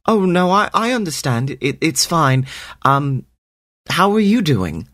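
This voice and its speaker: A man's voice: on the high side, big pitch swings, unhurried, fairly bright tone, no echo, studio quality, voice pushed up. A man voicing a nervous, earnest young boy wizard in a told story, stammering and flustered in a raised voice.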